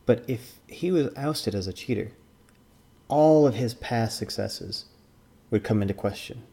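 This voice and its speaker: A man's voice: mid-range voice, animated, unhurried, vocal fry, warm tone, breathy edge. A man and former card tournament judge giving casual commentary, rambling with lots of fillers and restarts.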